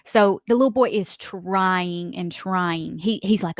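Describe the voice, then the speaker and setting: A woman's voice: medium pitch, lively intonation, unhurried, fairly bright tone, no room sound, studio quality. A woman with a Southern American accent co-hosting a morning radio show, telling stories in a chatty way and laughing often. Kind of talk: casual radio banter.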